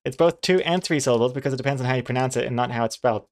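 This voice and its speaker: A man with a mid-range voice talks at a racing pace while drawing on his comic-art stream. He muses, answers chat with easy chuckles, and teases pronunciation in a playful way.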